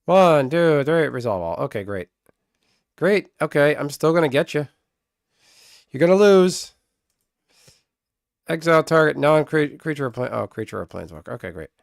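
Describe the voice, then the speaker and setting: A man streaming a card game live, chatting casually with viewers, excitable and swearing freely. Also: on the high side, normal speed, vocal fry, long pauses, no echo, studio quality.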